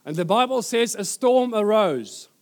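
Guy preaching, fairly high voice, slow dramatic pauses, repeats lines for effect. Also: animated. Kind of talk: sermon.

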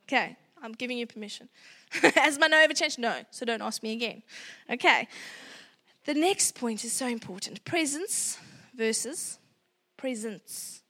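A woman in her thirties giving a casual parenting workshop talk, chatty and animated, acting out parents and children. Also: a little high, moderate pace, pauses often. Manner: chatty and animated, acts out parent and child voices, laughs often.

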